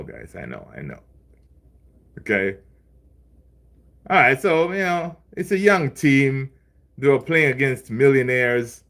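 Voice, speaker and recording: A man's voice: medium pitch, fairly bright tone. A man hosting a casual live stream, reading chat and talking loosely, with lots of fillers and repeated phrases. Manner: loose and chatty, laughs along with viewers. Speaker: livestream host reading chat.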